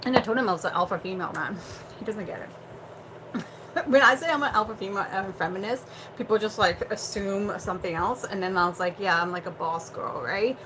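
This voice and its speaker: A woman's voice: medium pitch, fairly quick, noisy background. A young adult woman hosting a casual livestream chat, blunt and chatty, swearing freely and using lots of fillers. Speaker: livestream host.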